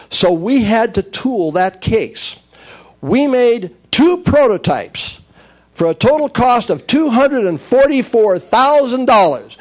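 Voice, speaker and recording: A man telling wry, lively stories from his career in the toy business, acting out the dialogue as he goes. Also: high-pitched. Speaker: speaker recounting his toy industry career. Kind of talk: anecdotal storytelling talk.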